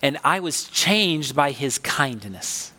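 A man preaching a sermon, telling a personal story in a conversational, animated, emphatic way. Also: mid-range voice, slow pace, big-room sound. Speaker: pastor.

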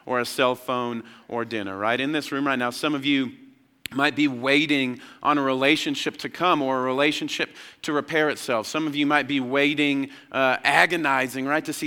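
A young man preaching a sermon as pastor, telling stories with lively energy and acting out childhood voices. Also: medium pitch, moderate pace, clean tone. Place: large church hall. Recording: long hall reverb.

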